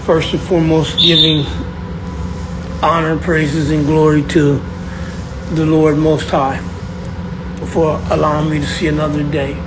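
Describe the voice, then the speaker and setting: Texas man caller, higher-pitched, reverent and formal, noisy distant phone line. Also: little pitch movement, a little slow, pauses often. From Fort Worth, Texas. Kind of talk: call-in prayer request. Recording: noisy distant phone call, vehicle hum.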